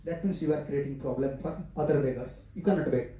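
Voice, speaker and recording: A man voicing a stern older spiritual teacher who tests his disciple with sharp, repeated questions. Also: mid-range voice, fast, slight background noise, pitched below the performer's own voice, natural voice. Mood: scolding. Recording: echoey hall from far off.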